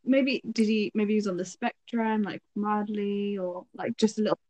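A woman's voice: medium pitch, fairly even intonation, moderate pace, warm tone. A woman in casual chat, a supportive listener who chimes in with short responses.

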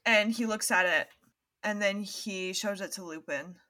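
A woman narrating a tabletop game as game master, animated and giggly. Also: mid-range voice, unhurried. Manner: animated, laughing storyteller.

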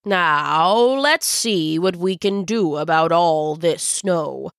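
A woman doing a slow, kindly old wizard. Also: vocal fry, dry recording, studio quality. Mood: gentle. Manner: slow, deep, gentle and wise. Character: kindly old male wizard Father Frost. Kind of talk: storybook voice acting.

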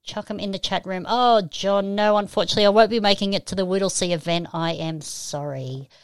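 A woman's voice: mid-range voice, fairly quick, clean tone, no echo. A woman with an Australian accent hosting a live-streamed podcast, cheery and bubbly as she greets listeners. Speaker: podcast host.

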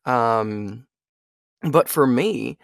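A man's voice: mid-range voice, very slow, creaky, no room sound, studio quality. A young man, a voice actor and audiobook narrator, chatting loosely in an interview and often asking "you know what I mean?". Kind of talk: casual interview chat.

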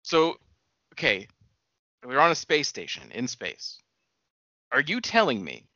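Lively young man, argumentative and laughing. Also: a little high, slow, pauses often, dry recording. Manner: argumentative, laughs often, voice jumps up when worked up. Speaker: podcast co-host. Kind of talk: casual profane chat. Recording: dull lo-fi sound.

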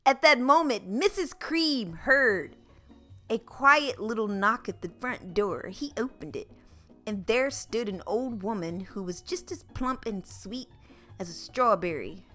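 Bright, slow, playful woman reading a storybook. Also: a little high, lively intonation, soft background music. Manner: playful, laughs at her own asides. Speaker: podcast host. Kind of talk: reading a children's book aloud with asides.

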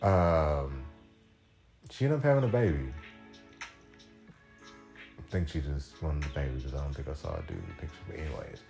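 A man's voice: normal speed, long pauses, over music. A young man hosting a podcast, telling a rambling, profane story in a casual monologue, full of fillers and quoted voices. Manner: rambling, profane, fillers, acts out quotes with big pitch jumps. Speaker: podcast host.

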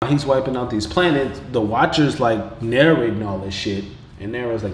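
Male podcast host, mid-pitched, slangy and profane recap delivery, echoey room. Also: a little fast, slight background noise. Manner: slangy, profane, animated retelling with quoted voices. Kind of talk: casual episode recap. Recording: roomy echo with faint background ambience.

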